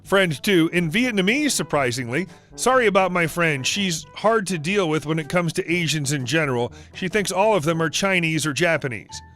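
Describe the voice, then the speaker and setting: A man tells a reddit story in a scripted narration style, keeping one voice for every character's dialogue. His voice sits high for a man. Faint music plays underneath. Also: expressive, moderate pace, hardly any pauses, a bit bright.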